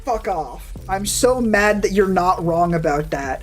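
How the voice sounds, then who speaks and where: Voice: mid-range voice, animated, unhurried, faint music behind. Sardonic, foul-mouthed streamer chatting. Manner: sardonic, profane, rambling. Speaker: VTuber streamer. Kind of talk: casual live-stream chat, answering chat.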